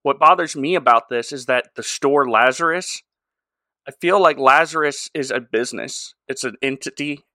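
Bright and forceful, with a mid-range voice at normal speed, this podcast co-host jokes around while recapping a show. He performs characters in over-the-top voices, and the studio sound is clean with no room noise.

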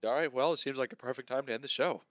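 A man's voice: medium pitch, rapid-fire, a bit bright, no room sound. A man co-hosting a podcast, easygoing as he wraps up the episode and asks listeners to follow. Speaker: podcast co-host. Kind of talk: casual podcast sign-off.

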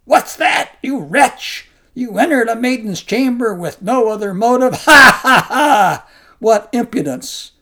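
A man voicing a huge, raging giant hunter, bellowing and snarling with a gravelly voice. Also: extremely high pitch, animated, unhurried, sharp tone, voice pushed up, full character voice. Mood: mocking rage. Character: raging nine-foot giant hunter, gruff old man.

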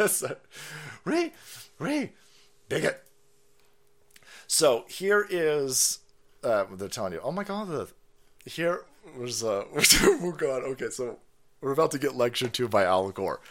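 A man's voice: mid-range voice, a bit bright. A man hosting a stream, ranting with heavy swearing and sarcastic mockery of the clips he plays. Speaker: streamer host. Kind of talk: profane political rant stream. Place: California.

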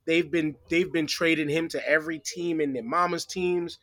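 A man's voice: on the high side, steady tone, normal speed, fairly bright tone, dry recording, clean studio sound. A man talking as a podcast guest, opinionated and profane, explaining his view at length. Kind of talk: casual sports chat.

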